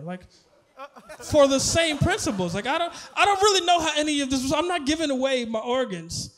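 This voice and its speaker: A man with a very high-pitched voice performs stand-up comedy, acting out conversations as he tells his stories. He keeps breaking into laughter at his own punchlines. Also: brisk. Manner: animated storytelling, laughing at his own jokes, acting out dialogue.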